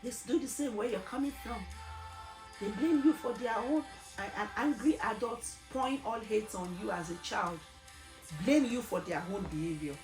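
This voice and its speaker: A woman's voice: fairly high pitch, animated, moderate pace, a little mellow. A woman giving an earnest, emphatic gospel testimony, asking her listeners rhetorical questions. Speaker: gospel speaker. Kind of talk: personal testimony sermon. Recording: echoey room with faint music.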